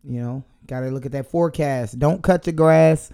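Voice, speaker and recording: Gravelly, easygoing man podcast co-host. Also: medium pitch, normal speed, dark tone. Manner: joking, easygoing. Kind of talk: casual chat.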